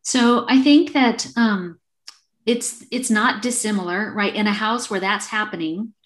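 A woman's voice: medium pitch, unhurried. A middle-aged woman in casual conversation, speaking openly and acting out little snippets of dialogue as she explains. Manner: animated, acts out little dialogues. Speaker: guest.

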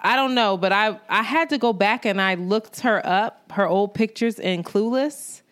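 A woman's voice: mid-range voice, normal speed, clean tone. A woman co-hosting a podcast in casual chat, talking candidly and with plenty of swearing. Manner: candid and profane, with frequent laughs. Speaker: podcast co-host.

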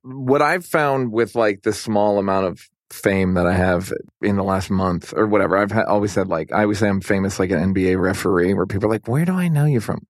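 Middle-aged man, lowish voice, dry close sound, rambling casual guest. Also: fairly even intonation, fairly quick, few pauses, no room sound. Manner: loose and rambling, heavy use of "like". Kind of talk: casual podcast conversation.

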